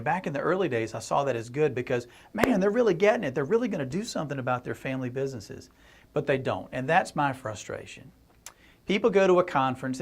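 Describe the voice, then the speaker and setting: A middle-aged man speaking to camera in a casual blog video, telling a story as a consultant and speaker, laughing and restarting often. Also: medium pitch.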